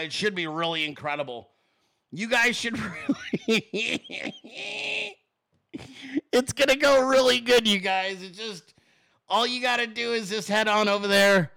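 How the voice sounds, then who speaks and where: Male commentary host, high-pitched and profane, mocking with frequent laughs. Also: a little slow, pauses often, pushed and bright, no echo. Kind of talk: political commentary show.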